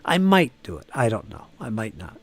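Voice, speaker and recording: A man's voice: mid-range voice, very animated, moderate pace. A man hosting a live painting stream, chatting casually and teasing viewers as he reads their comments aloud. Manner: joking, teasing chatter with frequent laughs.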